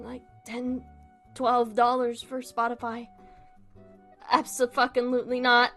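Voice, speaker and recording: A woman's voice: fairly high pitch, bright, forceful tone. A young woman streaming and chatting casually while she draws, giggly, scattered and self-mocking. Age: young adult.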